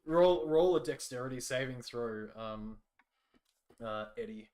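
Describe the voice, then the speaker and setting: Guy running a tabletop game, slow and chill, lots of ums. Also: mid-range voice. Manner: relaxed, hesitant, many fillers. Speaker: game master.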